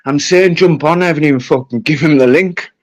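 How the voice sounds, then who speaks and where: A man's voice: a little high, fast talker, no echo, low-quality recording. A British man ranting on a livestream, confrontational and swearing heavily. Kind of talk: angry livestream rant.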